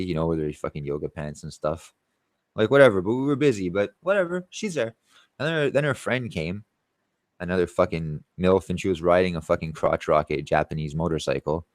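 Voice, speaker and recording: A man with a deep, low-set voice talks straight to camera in a casual vlog. He rambles and brags, dropping curses into nearly every line. The sound is dry and close, with no room around it. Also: no room sound. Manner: profane, boastful, rambling. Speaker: tree-cutting contractor.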